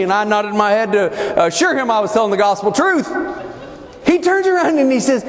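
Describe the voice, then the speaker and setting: A man's voice: very high voice, big pitch swings, brisk. A man from New Mexico, folksy and joking, telling stories in a humorous speech, recorded in a large echoey hall. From New Mexico, USA. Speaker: keynote speaker. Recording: echoey hall with faint background noise.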